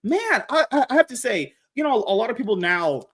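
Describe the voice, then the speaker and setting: A man's voice: extremely high pitch, sing-song, a little fast, fairly bright tone, slightly rough. A man hosting a podcast, talking casually and animatedly, swearing freely and rambling with restarts. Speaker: podcast host.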